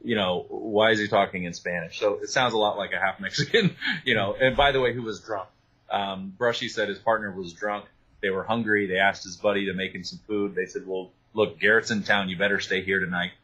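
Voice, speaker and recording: Husky low-voiced man, talkative author. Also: a little fast, low-quality recording. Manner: animated, talkative, full of restarts and asides. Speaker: author and guest. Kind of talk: interview conversation.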